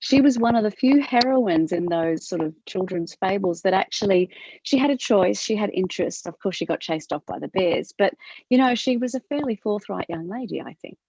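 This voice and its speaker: A woman with an Australian accent teaching a movement class over a video call, asking gentle questions with a rising lilt. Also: medium pitch, expressive, moderate pace, vocal fry, slightly rough, no room sound. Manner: gentle questioning, upward inflection. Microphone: video call from her computer. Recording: dull lo-fi video call audio.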